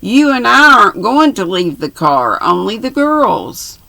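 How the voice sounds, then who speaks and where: A woman voicing a brisk young Englishman giving clipped commands in a novel reading. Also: mid-range voice, sing-song, creaky, bright, forceful tone, dry recording, voice pushed up, exaggerated voice. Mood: commanding.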